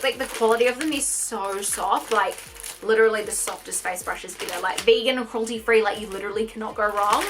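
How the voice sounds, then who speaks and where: A young woman vlogging a makeup unboxing, gushing and gasping with endless excitement. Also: medium pitch, a little fast, background noise. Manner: gushing, gasping, lots of "oh my god" and "honey". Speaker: beauty vlogger.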